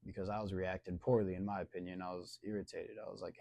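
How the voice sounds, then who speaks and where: A young man with a low, gravelly voice tells a rambling, slangy story in a relaxed, conversational way. His tone is dark and mellow. The sound is dry and close, with no room around it. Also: fairly quick, no room sound. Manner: laid-back, rambling, slangy. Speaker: vlogger telling a story. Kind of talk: casual storytelling.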